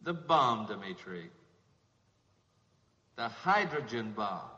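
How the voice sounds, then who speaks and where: An actor playing a flustered male president who awkwardly soothes a caller on the phone, in a halting, apologetic way. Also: on the low side, sing-song, sharp tone, heavily acted. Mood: awkward, placating. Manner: halting, apologetic, drawn-out pauses. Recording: muffled old film soundtrack with long reverb.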